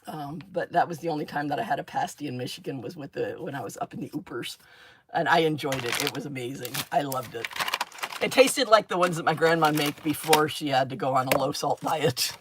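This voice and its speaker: A woman's voice: low-pitched, brisk, background noise. A woman hosting a crafting livestream, chatting casually as she works, rambling, laughing often and humming little sound effects while she draws.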